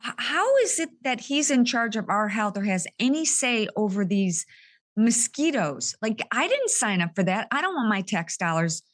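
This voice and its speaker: A woman's voice: on the high side, sing-song, normal speed. A woman hosting a conversational interview, earnest and openly emotional, speaking with indignation. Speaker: podcast host.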